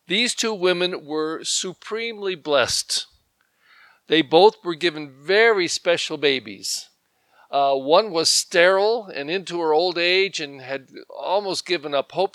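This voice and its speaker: An older man, a pastor, giving a conversational sermon with animated emphasis, frequent fillers and restarts. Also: a little high, no echo.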